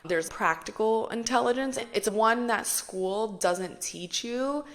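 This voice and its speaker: A young woman hosting a podcast, talking casually and chattily, with lots of "like" fillers and the odd swear. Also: medium pitch. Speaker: podcast host.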